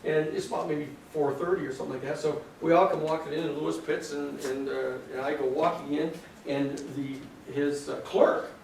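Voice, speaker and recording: A man, a lawyer, casually telling an animated story to a class and acting out the people he quotes. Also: a little high, moderate pace, gravelly, slight background noise. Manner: animated, acts out quoted voices, restarts sentences. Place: large echoey classroom or lecture room. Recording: echoey room, distant mic, faint ambience.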